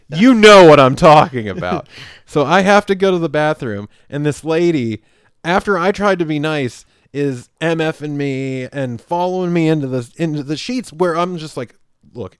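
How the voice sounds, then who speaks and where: A man's voice: on the high side, smooth, dry recording, studio quality. A man co-hosting a podcast, telling a story in casual chat and acting out the quoted lines with lots of laughs. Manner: animated, acts out quoted lines, laughs often. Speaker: podcast co-host.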